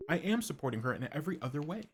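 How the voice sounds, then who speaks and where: A man's voice: fairly high pitch, big pitch swings, rapid-fire. A man voicing a tired, defensive mother in a video game, over game music.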